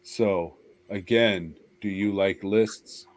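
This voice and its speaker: A man's voice: sits low, fairly even intonation, a little hiss or hum. A man co-hosting a podcast in casual chat, joking wryly and drawing out his words. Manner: wry, drawn-out joking. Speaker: podcast co-host.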